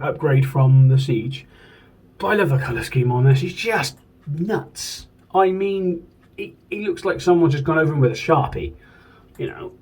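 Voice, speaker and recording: A UK man with a fairly high, slightly mellow and husky voice chats enthusiastically as a toy collector in a room at home, swearing now and then. The audio is poor and sounds recorded from a distance.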